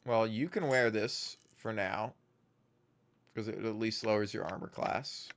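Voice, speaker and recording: A man's voice: on the low side, a little slow, a little hiss or hum. A male streamer giving casual gameplay commentary, muttering to himself and reading game text aloud.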